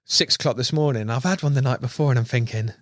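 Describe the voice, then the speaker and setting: Excitable English man telling a fishing story. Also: medium pitch, quick pace, no room sound, studio quality. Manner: excitable storyteller, swears freely, acts out quotes loudly. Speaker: guest angler. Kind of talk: casual podcast chat.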